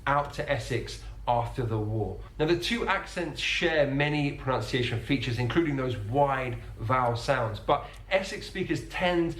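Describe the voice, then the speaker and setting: A man teaching in a measured, instructive narration. His voice has a middling pitch and echoes in a roomy space. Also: expressive, fairly bright tone, slight background noise. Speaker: English teacher. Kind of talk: scripted explanatory narration.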